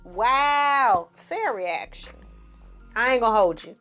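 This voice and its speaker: A woman's voice: mid-range voice, measured pace, faint music behind. A woman recapping and reviewing a movie in a casual, blunt and profane way, full of sarcastic asides. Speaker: film reviewer.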